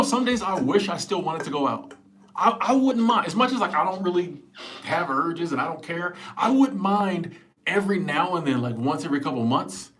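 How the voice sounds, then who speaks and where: A man's voice: on the high side, a bit bright, slight background noise. A middle-aged man hosting a casual livestream. He reads viewer comments aloud, laughs often, and stumbles over repeated words while talking on a small clip-on mic at home. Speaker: livestream host. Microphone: small clip-on wireless mic.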